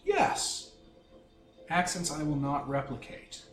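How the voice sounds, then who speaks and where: Male game master, joking, swears a lot, self-mocking, voice sits a bit high, echoey room. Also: wildly swooping pitch, slow. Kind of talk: narrating a tabletop game. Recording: echoey room with faint music.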